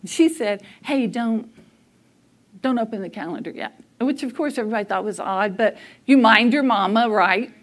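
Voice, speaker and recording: A middle-aged woman, telling a family story to a church audience, animated and often laughing as she acts out what people said. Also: on the high side, moderate pace.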